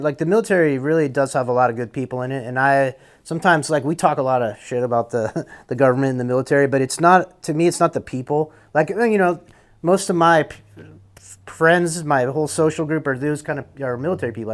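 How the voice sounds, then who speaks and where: A young man speaking as a podcast guest. His voice sits a little high, and he talks in a candid, loose, rambling way that sometimes turns profane. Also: fairly quick. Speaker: guest, military veteran. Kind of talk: casual conversation.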